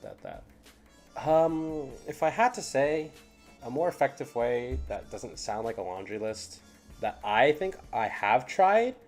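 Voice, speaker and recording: Faint background music sits under a man's fairly low, darkish voice as he reads fanfiction on a stream. His commentary rambles, and he frequently halts and repeats words.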